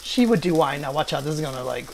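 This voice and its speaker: A man's voice: fairly high pitch, lively intonation, quick pace, vocal fry, slight background noise. A man in his late forties chatting enthusiastically as he hosts a cooking video at his stove, wandering into rambling asides. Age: late 40s. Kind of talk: casual cooking vlog chat. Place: home kitchen at the stove.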